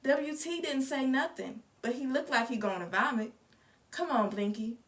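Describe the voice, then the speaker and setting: A woman reading a storybook aloud with expressive, lively narration. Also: high voice, moderate pace. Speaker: reader. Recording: distant mic.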